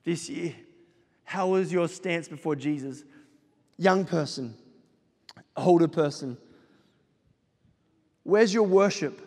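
A middle-aged man delivers a sermon in a fairly high voice, driving home his points with repeated exhortations. His voice carries the long reverb of a large church hall. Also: takes it slowly, long pauses, a little mellow. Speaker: pastor.

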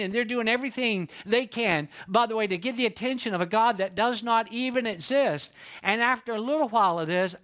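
A man preaching a sermon, retelling a story in a lively, conversational way with frequent asides to his listeners. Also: extremely high pitch. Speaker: pastor.

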